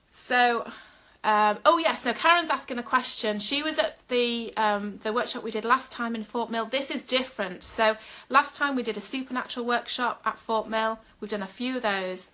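Fervent woman minister, bright voice. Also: fairly high pitch. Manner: fervent, talks directly to viewers with filler ums. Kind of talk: live-streamed prayer ministry.

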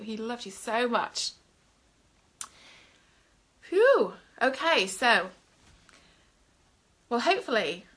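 A woman's voice: on the high side, pushed and bright. A middle-aged woman minister leading a live-streamed prayer session, fervent and speaking straight to viewers with frequent ums. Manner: fervent, talks directly to viewers with filler ums.

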